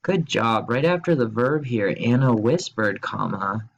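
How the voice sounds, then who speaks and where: Male teacher recording a home-school grammar lesson, mid-pitched, easygoing and jokey, spells things out slowly. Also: animated, creaky, lo-fi sound. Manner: playful, asks quiz questions and jokes; slow, spelled-out explanations.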